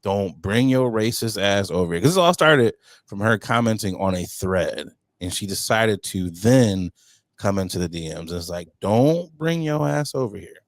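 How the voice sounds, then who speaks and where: A blunt, profane man co-hosts a casual podcast. His voice sits very low and crackles with gravel, and the sound is dry and close. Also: lively intonation, moderate pace, dry recording. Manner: blunt, profane storytelling with mocking put-on voices. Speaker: podcast co-host.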